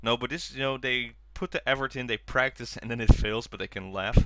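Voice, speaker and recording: Bright-voiced man recapping a documentary. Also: a little fast. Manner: enthusiastic, acts out quotes in high voices. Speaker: podcast co-host. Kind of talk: casual chat recapping a documentary.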